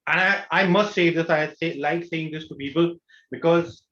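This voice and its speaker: A man's voice: on the high side, normal speed, fairly bright tone. A man with an Indian accent, a coach giving an online workshop in an earnest manner, often asking the listeners rhetorical questions. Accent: Indian English. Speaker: law of attraction coach. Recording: roomy, dull lo-fi webinar audio.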